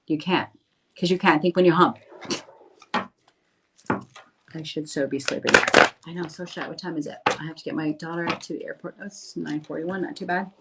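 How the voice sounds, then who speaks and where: A woman's voice: deep voice, steady tone, moderate pace, pauses often, very noisy. A middle-aged woman, a medium, chatting casually on a phone livestream, reading viewer comments aloud and reassuring them. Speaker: medium doing live readings.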